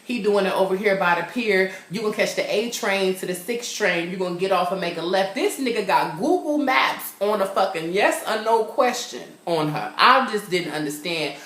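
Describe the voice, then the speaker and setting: A young man from California, sassy and animated, casually recapping a TV episode and acting out the characters. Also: high-pitched, moderate pace, hardly any pauses. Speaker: TV show reviewer. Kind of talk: casual chat. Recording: roomy echo.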